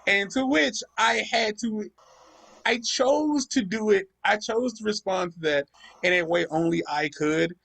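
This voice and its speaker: A man's voice: high-pitched, measured pace, vocal fry, a bit bright, husky. A young man hosting a gaming channel, ranting profanely in casual chat while he plays. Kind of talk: casual chat over gameplay.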